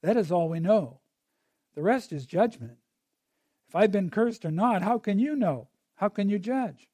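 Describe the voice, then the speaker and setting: A man puts on a calm, wise old woodcutter in a storytold parable, his high voice mellow and his questions patient and measured. He speaks dry and close, never rushing. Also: no room sound.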